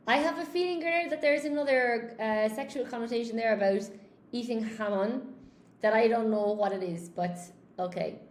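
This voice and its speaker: A woman's voice: a little high, moderate pace, reverberant. A woman English teacher, from Spain, giving a chatty live lesson and reading out viewer comments.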